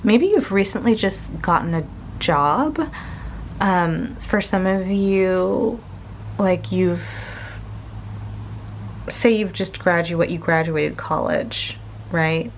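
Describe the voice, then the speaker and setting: A woman giving a casual spoken tarot reading to her viewers, gentle and searching, pausing often and restarting her sentences. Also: on the low side, expressive, slight background noise. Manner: slow, gentle, searching, with many pauses and restarts. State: tearful, emotional. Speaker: tarot reader.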